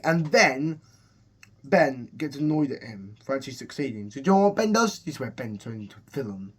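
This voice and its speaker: Casual male film recapper with a middle-pitched voice, rambling and full of restarts. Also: expressive, fairly quick, slightly rough. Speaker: movie reviewer.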